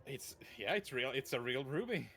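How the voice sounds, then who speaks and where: A man's voice: mid-range voice, expressive, normal speed, a bit bright, husky. A man narrating as game master, casual and hesitant, with faint background music. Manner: casual, hesitant, many fillers.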